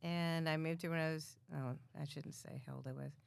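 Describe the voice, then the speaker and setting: An American woman in her fifties chatting casually as a podcast guest, relaxed and laughing often. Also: deep voice, fairly quick, creaky, clean tone, no echo. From United States. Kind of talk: casual chat.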